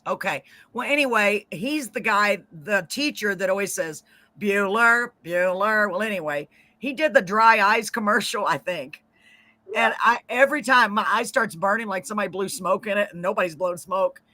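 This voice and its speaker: A middle-aged woman hosts a casual talk show, full of slang and frequent laughter. Her voice is bright and forward, recorded close and dry with no room sound. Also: medium pitch, animated, normal speed, no room sound. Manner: chatty, laughs often, Southern slang. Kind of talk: casual chat.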